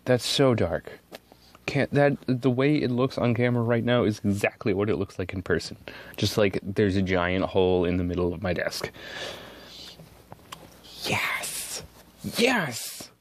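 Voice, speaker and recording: A man hosting an ink swatching video, talking casually and excitably at his desk, swearing freely and switching between loud outbursts and muttered asides. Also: on the low side, moderate pace. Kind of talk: casual narration while swatching inks. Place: at a desk indoors.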